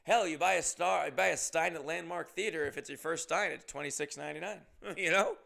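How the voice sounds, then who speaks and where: Gravelly-voiced man telling a rowdy story. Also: on the high side, a little fast. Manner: profane, animated, with bursts of loud emphasis. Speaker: comedian on tour. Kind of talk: casual storytelling monologue.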